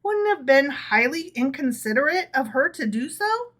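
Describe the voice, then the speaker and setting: A woman's voice: sits high, big pitch swings, moderate pace, a bit bright, voice pushed up. A woman reading aloud voices a sly male jester who plays innocent while pulling a prank. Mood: wry. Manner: wry, innocent-sounding.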